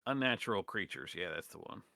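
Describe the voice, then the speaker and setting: Gravelly, bright-voiced man in role-play. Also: on the low side, animated, brisk, no room sound, clean studio sound. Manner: folksy drawling talk. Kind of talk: in-character tabletop role-play.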